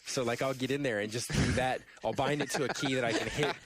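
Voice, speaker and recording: A man in casual podcast chat who tells his gaming stories with plenty of laughter. He bursts into loud imitations of game taunts and then drops back to easy talk. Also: medium pitch, fairly even intonation, quick pace, no room sound. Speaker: podcast host.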